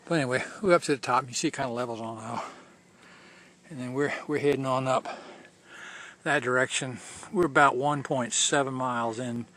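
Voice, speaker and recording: Bright-voiced man narrating a trail hike. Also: medium pitch, a little fast. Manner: chatty, loosely guiding viewers, restarts phrases. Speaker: hiker scouting a trail. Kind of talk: casual walking commentary to camera. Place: outdoors on a mountain trail.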